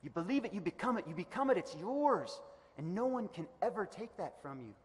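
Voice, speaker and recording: A man giving a motivational commencement speech in a large hall, energetic and emphatic, building to loud repeated declarations. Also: high-pitched, brisk, background noise. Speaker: commencement speaker. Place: large indoor event hall. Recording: echoey hall reverb.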